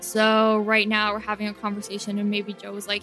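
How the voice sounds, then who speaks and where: Bright-voiced woman explaining, music behind. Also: medium pitch, monotone, brisk, few pauses. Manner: explains at length, loose and chatty. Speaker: co-host. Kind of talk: casual podcast chat.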